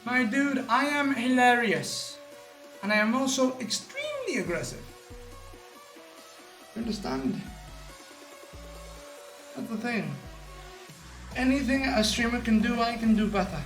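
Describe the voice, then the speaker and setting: A man's voice: very high voice, big pitch swings, unhurried, long pauses, fairly bright tone, echoey room, soft background music. A man live-streaming in a brash, boastful, profane way, tired out. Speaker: livestreamer. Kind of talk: casual live-stream chat.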